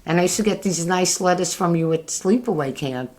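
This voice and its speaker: An older woman telling family memories in a fond, halting way, with frequent restarts. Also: lowish voice, a little mellow. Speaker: interviewee, mother. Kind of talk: casual family reminiscing.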